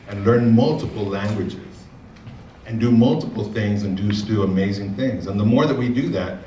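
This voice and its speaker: A man's voice: lowish voice, a little mellow, a little hiss or hum. A man speaking to a conference audience, using fillers and restarting phrases as he tells a story. He sounds far from the mic in an echoing room. A faint murmur of ambience sits underneath. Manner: folksy, repeats words and uses fillers. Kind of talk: keynote talk with storytelling.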